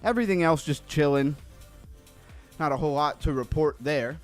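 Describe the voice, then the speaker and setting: A man's voice: on the high side, normal speed, faint music behind. Upbeat man hosting a crypto livestream. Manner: upbeat, reads chat names aloud, rambling. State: a little out of breath after cardio. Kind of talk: casual live-stream chat.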